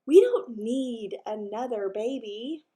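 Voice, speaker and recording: A grumpy schoolboy big brother, as a woman reading a storybook puts him on. He sounds sulky and indignant, and his voice sits fairly high and swings around a lot. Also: animated, takes it slowly, mellow.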